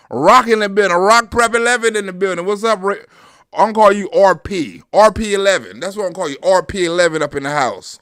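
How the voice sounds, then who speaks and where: Male livestream host, bright forceful voice, casual chat-driven commentary. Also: fairly high pitch. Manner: loose and profane, talks to the chat.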